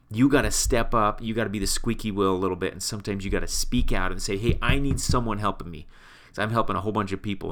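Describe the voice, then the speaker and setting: A man with a fairly low voice coaches his sales team in a motivational talk. He speaks with energy and hammers his points home with repetition. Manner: energetic, emphatic, repeats for punch. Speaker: team leader and sales trainer.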